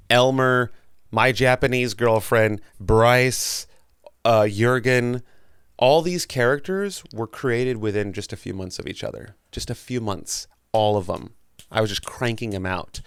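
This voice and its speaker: A man's voice: on the low side, clear, resonant tone, dry recording. A man chatting as a guest in an interview, rambling with many restarts and casual swearing. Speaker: guest, comedian and voice actor.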